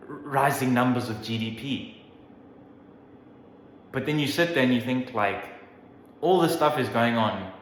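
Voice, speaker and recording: A young man in his twenties talks through his opinions in a loose, rambling way, leaning on fillers and the odd curse. His voice sits a little low. The room rings noticeably around him, with a faint hum underneath. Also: fairly bright tone. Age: 20s. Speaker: vlogger. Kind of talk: casual opinion monologue. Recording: roomy with faint background hum.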